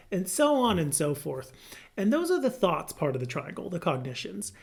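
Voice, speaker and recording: A man, a licensed marriage and family therapist, explaining a therapy method to viewers in a lively, good-humored way. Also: high voice, normal speed, vocal fry. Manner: lively, good-humored, laughs through personal example. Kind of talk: educational explainer to camera.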